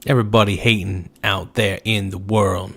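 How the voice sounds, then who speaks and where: Riffing on viewer comments he reads out, a US man runs a laid-back livestream in a lowish, flat voice. He jokes in a slow drawl that erupts now and then into sudden outbursts.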